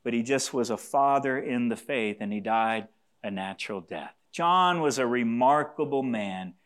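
A man's voice: medium pitch, moderate pace, fairly bright tone, clear, resonant tone. A man preaching a sermon to a congregation, earnest and repeating key phrases for emphasis, sometimes asking listeners to say lines back to him. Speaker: pastor.

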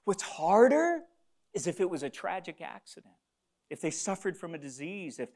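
A man preaching a sermon, swinging between loud fervor and hushed, near-whispered passages. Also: fairly high pitch, a little fast, vocal fry. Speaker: pastor.

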